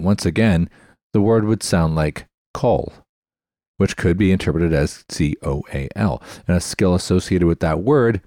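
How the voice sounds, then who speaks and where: A man's voice: sits low, dark tone, dry recording, studio quality. A man hosting a tech podcast in a chatty, explanatory way, often spelling words out letter by letter. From Canada. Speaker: podcast host. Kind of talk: casual explanatory podcast talk.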